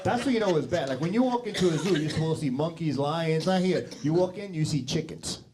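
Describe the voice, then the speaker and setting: Forties New stand-up, brash, crude, ribs the audience; slight background noise. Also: male voice, on the high side, animated, a little fast. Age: 40s. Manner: brash, crude, teasing the crowd. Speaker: stand-up comedian. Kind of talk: stand-up comedy set. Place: TV studio stage with live audience.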